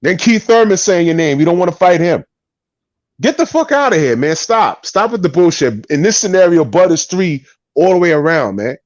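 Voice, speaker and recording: A man's voice: high-pitched, moderate pace, no room sound, dull audio. A man co-hosting a casual boxing show, ranting and swearing in a heated debate. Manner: profane, ranting, animated.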